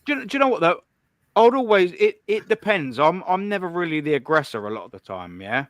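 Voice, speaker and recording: Young male streamer, combative and sweary, higher voice, close dry delivery. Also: very animated, a little fast, a bit bright, no echo. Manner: blunt, profane and combative. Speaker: live stream host. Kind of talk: ranting call-in stream commentary.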